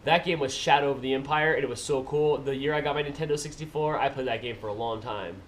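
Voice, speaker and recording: A man's voice: mid-range voice, fast talker, slight background noise. A man vlogger who reads viewer comments aloud and answers them in a casual, playful way. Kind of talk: casual chat.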